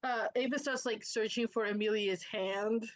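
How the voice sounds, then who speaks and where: A woman playing in a tabletop game, describing her character's moves in a hesitant, halting way. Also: on the high side, fairly even intonation, dry recording, low-quality recording. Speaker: player. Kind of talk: tabletop role-play.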